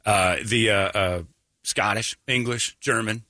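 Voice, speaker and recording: A man's voice: fairly low pitch, measured pace, pushed and bright, dry recording, clean studio sound. A male radio host in casual chat, teasing his guest and laughing often.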